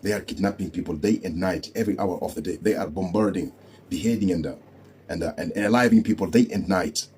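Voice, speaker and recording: A man's voice: low-pitched, quick pace, darkish tone, slight background noise. A man from Africa giving heated political commentary, scornful and repeating rhetorical questions.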